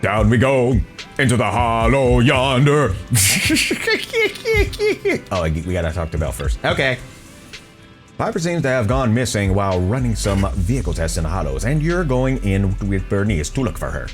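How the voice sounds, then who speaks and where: A man's voice: sits low, big pitch swings, brisk, faint music behind. A man casually commenting on a video game playthrough, playful, reading dialogue and repeating phrases for fun. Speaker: gameplay streamer.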